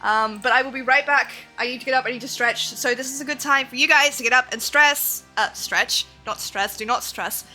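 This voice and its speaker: High, bright-voiced excitable woman streamer. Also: brisk, few pauses, faint music behind, low-quality recording. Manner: excitable, swears often, frequent laughs. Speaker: game streamer. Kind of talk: live-stream chat while gaming.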